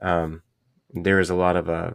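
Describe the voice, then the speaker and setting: A man co-hosting a podcast in casual, jokey chat, often halting mid-sentence. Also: low-pitched, little pitch movement, gravelly, clear, resonant tone, dry recording. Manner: jokey, laughs easily, halting. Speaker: podcast co-host.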